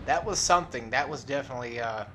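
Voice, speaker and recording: Young man, casual gameplay commentary, rambling, self-mocking, mid-pitched voice, occasional swearing. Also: fast, bright, forceful tone, slight background noise. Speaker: let's play host.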